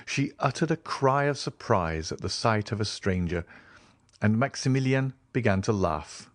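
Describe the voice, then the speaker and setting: A man narrating a classic novel as an audiobook, reading in an expressive, varied way. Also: on the low side, moderate pace, no room sound, clean studio sound.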